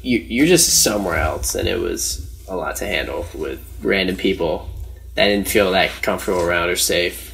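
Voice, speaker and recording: A man's voice: sits low, normal speed, creaky, fairly bright tone, slight background noise. A young man telling a rambling story in casual podcast chat, with lots of slang and fillers. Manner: rambling, slangy, says "dude" and "like" often.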